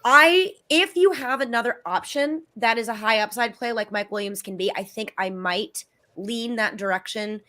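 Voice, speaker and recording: An animated woman on a live video call, chatting about fantasy football with a bright, forceful voice set a little high. She acts out quotes and pokes fun at herself. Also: normal speed, hardly any pauses. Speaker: guest fantasy football analyst. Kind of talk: casual live-stream chat.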